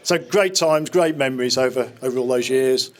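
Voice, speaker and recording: A man's voice: mid-range voice, normal speed. A man in his fifties giving a wedding speech in place of the bride's father, telling fond, joking stories with small restarts. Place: wedding reception hall.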